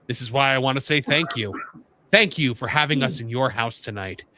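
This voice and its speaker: A man putting on a slow, low cowboy drawl to read out a wrestler's promo. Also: sharp tone, slight background noise, lightly acted. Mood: earnest.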